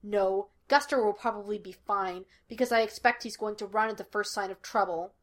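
A woman reading the lines of a gruff, exasperated male police detective in a fan fiction podfic. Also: medium pitch, normal speed, lightly acted. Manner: curt and demanding.

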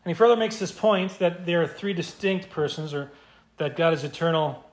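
Emphatic pastor teaching in an echoey church. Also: male voice, fairly high pitch, moderate pace. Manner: emphatic, repeats key phrases for stress. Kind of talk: expository sermon teaching.

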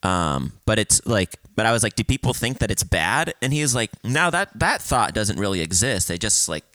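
Bright-toned, animated man with a low voice. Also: normal speed, no room sound. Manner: animated, laughs often, swears casually. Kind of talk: casual storytelling chat.

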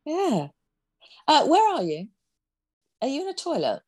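A woman's voice: high voice, wildly swooping pitch, a little slow, a little mellow. A woman co-hosting a podcast over a video call, chatting playfully with lots of teasing and giggles. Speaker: podcast co-host. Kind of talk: casual chat.

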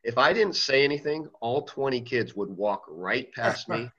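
A man who coaches fifth and sixth grade teams, telling a story in casual chat, halting and restarting often. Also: mid-range voice, expressive, a bit bright, highs cut off, slight background noise.

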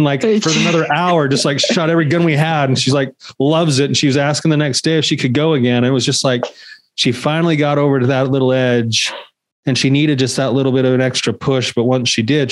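A man in his thirties or forties tells a story as a podcast co-host, in a casual, animated way. He acts out the voices of the people in it. His voice sits at an everyday pitch, recorded dry and close with no room sound. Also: no room sound.

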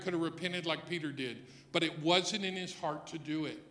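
Bright-voiced preaching man. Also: a little high, fairly quick, hardly any pauses, echoey room. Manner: preaching, swings from quiet to loud emphatic passages. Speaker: pastor. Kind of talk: sermon.

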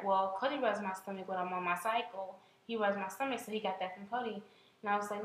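A woman's voice: mid-range voice, fairly even intonation, brisk, a bit bright, reverberant, a little hiss or hum, low-quality recording. A young woman co-hosting a casual chat, talking at length with many fillers and restarts. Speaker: podcast co-host.

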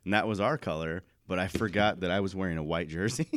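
A man co-hosting a podcast, telling stories in relaxed casual chat and laughing often. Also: low voice, quick pace, a little hiss or hum. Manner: laid-back, laughs often. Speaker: podcast co-host.

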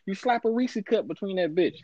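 A man's voice: high voice, lively intonation, fairly quick, dark tone, no room sound. Boastful man, slightly dull recording. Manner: boastful, insistent, swearing. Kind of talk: casual chat.

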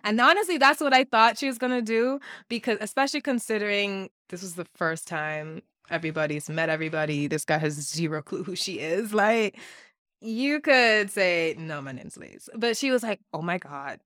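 A woman's voice: mid-range voice, normal speed, a bit bright, no room sound, studio quality. A woman co-hosting a podcast, chatting casually and laughing often as she acts out quotes from a reality show. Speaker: podcast co-host.

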